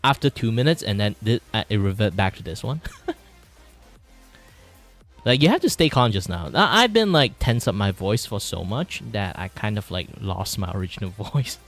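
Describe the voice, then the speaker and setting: Man, Malaysian English accent, casual stream chat, lowish voice, lively swings in pitch, faint music behind. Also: normal speed. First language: Mandarin. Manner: rambling, filler-heavy, shifts voice register to demonstrate. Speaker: vtuber streamer. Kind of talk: casual livestream chat while drawing.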